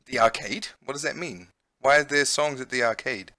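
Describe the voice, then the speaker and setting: Guy teaching english while playing a game, laughs a lot, bright voice, dry close mic. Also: medium pitch, normal speed, no room sound. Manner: amused, laughs often, explains words. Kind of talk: game let's-play commentary.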